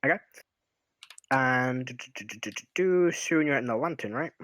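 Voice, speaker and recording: An easygoing man narrates as game master of a tabletop game. His pitch moves up and down freely, and he hums while working things out. The sound is close and dry. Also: normal speed, dry recording. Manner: relaxed and rambling, hums while he thinks.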